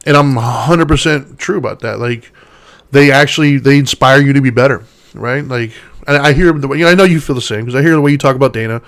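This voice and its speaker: A man's voice: medium pitch, fast, a bit bright. A middle-aged man co-hosting a casual podcast chat, talking in an earnest, conversational way with frequent fillers. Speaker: podcast co-host.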